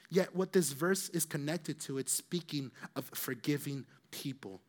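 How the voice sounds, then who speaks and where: A man with a somewhat high-pitched voice delivers a sermon. He tells the story in an animated way, acting out the quoted speakers. His volume swings from loud bursts to soft, hushed lines. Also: measured pace, hardly any pauses. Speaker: preacher.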